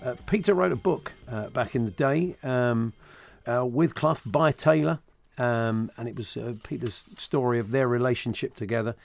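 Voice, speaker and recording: A man's voice: mid-range voice, moderate pace, gravelly, few pauses, dry recording, soft background music. A man hosting a sports talk radio show, chatting casually with frequent fillers into a studio microphone.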